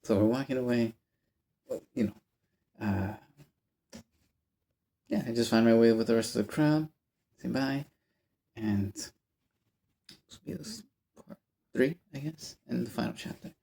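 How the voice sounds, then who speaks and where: Gravelly man rambling through a story. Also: mid-range voice, unhurried, long pauses. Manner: rambling, animated, self-interrupting. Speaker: vlogger. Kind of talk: casual storytelling vlog.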